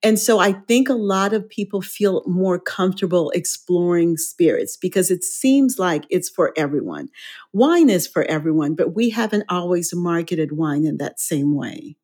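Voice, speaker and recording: A woman's voice: on the low side, animated, moderate pace, a little mellow. Cheerful woman guest who laughs easily. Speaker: wine educator and TV guest. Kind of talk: casual interview chat.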